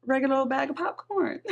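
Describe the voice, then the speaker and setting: A woman's voice: high-pitched, normal speed, gravelly. A woman co-hosting a podcast, chatting casually with frequent laughter and blunt, salty remarks, and reading forum posts aloud. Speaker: podcast co-host.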